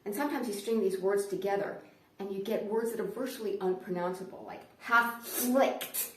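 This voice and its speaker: A woman comedian performing a stand-up routine, telling her stories in an animated way. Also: medium pitch, quick pace, a little hiss or hum. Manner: animated storytelling. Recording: roomy, distant mic.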